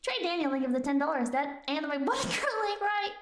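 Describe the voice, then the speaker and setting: A playful woman streamer, high-pitched and lively, giggling as she chats with viewers. Her voice rises and falls with a wide range. It rings a bit in a roomy, echoey space. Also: brisk. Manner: playful, giggly, reads chat aloud. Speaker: streamer host. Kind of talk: casual live-stream chat.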